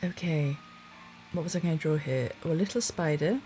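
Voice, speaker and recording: A sleepy woman streaming her drawing live, musing quietly to herself and greeting chat viewers. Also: low-pitched, fairly quick, a little hiss or hum. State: sleepy, yawning.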